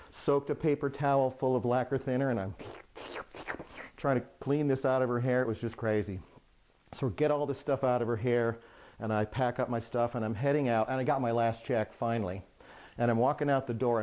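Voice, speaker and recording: A middle-aged man, a remodeling contractor, telling a humorous anecdote from his work to the camera in a lively way. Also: mid-range voice. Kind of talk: storytelling to camera.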